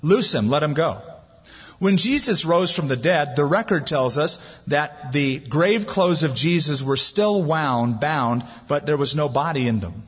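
Husky-voiced pastor preaching in a hall. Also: male voice, on the high side, a little slow, few pauses, fairly bright tone. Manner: preaching with rising emphasis, reading scripture aloud. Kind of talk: sermon. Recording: dull lo-fi sound with long hall reverb.

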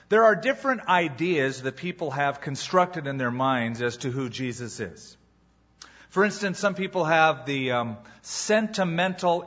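A man preaching a sermon as pastor, telling a story with dramatic pauses before moving into his teaching. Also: a little high, animated, fairly bright tone, lo-fi sound.

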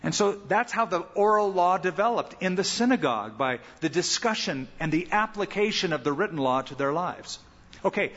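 Animated preacher man in an echoing hall. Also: a little high. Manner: animated preacher, acts out quoted lines. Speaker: pastor. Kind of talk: sermon. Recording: muffled sound with long hall reverb.

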